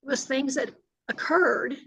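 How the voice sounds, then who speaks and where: A woman's voice: sits high, a little slow, vocal fry, pushed and bright, slight background noise, poor audio. An older woman, a retired agency director answering interview questions earnestly, with many fillers and restarts.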